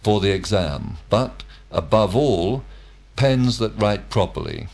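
A man answering lesson questions in slow, complete sentences. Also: on the low side, expressive, a little mellow. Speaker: model student. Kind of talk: scripted drill answers.

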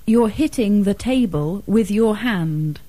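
A woman's voice: medium pitch, lively intonation, mellow, no room sound, rough recording. A woman answering a teacher's questions in full textbook sentences during a language drill. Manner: slow, careful, textbook answering.

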